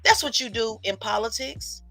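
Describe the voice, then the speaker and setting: A woman's voice: a little high, normal speed, creaky, bright, forceful tone. A woman political commentator giving an emphatic, preachy livestream monologue and repeating lines for effect. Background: faint music.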